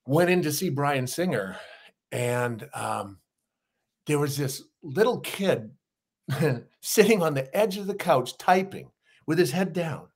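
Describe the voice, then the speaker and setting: A middle-aged man, an actor and former wrestler, telling animated anecdotes in a casual interview and acting out the people he quotes. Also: on the high side, slow, long pauses, husky.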